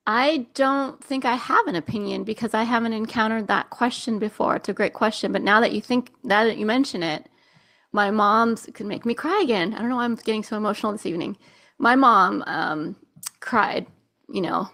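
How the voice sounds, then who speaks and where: A woman hosting a live intuitive reading show, speaking softly and slowly, at times close to tears. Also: mid-range voice. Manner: soft, gentle, slow and emotional. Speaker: intuitive reader, show host. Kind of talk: live psychic reading session.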